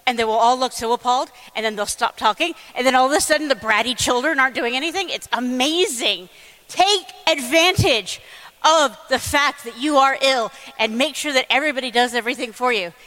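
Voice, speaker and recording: A woman giving a fast, comic lightning talk on stage, blunt and irreverent. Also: sits high, sharp tone. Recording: reverberant hall over a PA.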